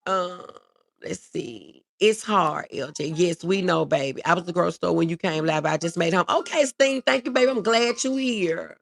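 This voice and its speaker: A woman's voice: lowish voice, moderate pace, gravelly. A woman hosting a casual livestream, reading viewer comments aloud and answering them in an earnest, reassuring way, often repeating her key phrases.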